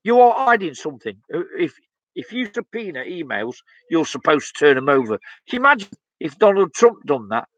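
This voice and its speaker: Man, rather high voice, blunt opinionated rant, lots of ums, dull lo-fi sound. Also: big pitch swings, brisk, fairly bright tone, no echo. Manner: blunt, opinionated, rambling with many fillers. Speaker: vlogger reading live chat. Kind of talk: casual live-stream rant.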